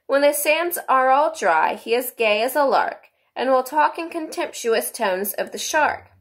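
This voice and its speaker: A woman's voice: high-pitched, expressive, measured pace, pitched above the performer's own voice. A woman voicing the young girl Alice in a bedtime storybook reading, with a lilting, sing-song lift. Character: young girl Alice, polite but exasperated.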